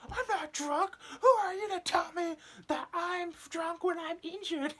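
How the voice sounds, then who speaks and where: A man voicing an injured, drunk homeless man who is indignant and shrill, with a high squeaky yell. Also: measured pace, full character voice. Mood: outraged.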